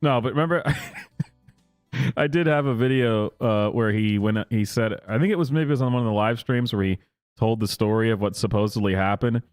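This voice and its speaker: A man's voice: medium pitch, normal speed, smooth, dry recording, soft background music. A man hosting casual reaction commentary, sarcastic and mocking, laughing often. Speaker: commentary host.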